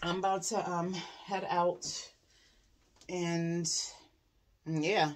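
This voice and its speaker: A woman's voice: lowish voice, drawn-out words, slight background noise. Profane, venting woman vlogger. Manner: frustrated venting, profane and animated, drops to quiet asides. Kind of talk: casual vlog talk to camera.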